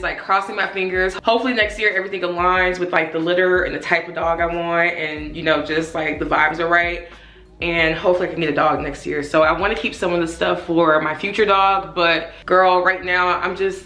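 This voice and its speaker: A chatty woman talks straight to her viewers in a loose, rambling vlog style, with "like" strewn through every sentence. Her voice sits a bit low but comes across bright and forceful. The home office around her rings with a roomy echo. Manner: chatty, rambling, heavy use of "like", addresses viewers directly. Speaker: home decluttering vlogger. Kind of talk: casual vlog chat to camera.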